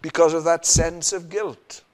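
A man's voice: fairly high pitch, fairly even intonation, measured pace. A man preaching a sermon in an earnest manner, often asking the listeners rhetorical questions. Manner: earnest, rhetorical questions, frequent "you know" and "isn't it".

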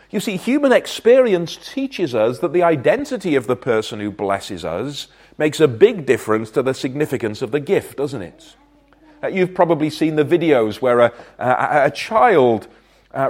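A man preaching a sermon from Wales, earnest and emphatic, his loudness swelling and dropping as he makes his points. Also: on the high side.

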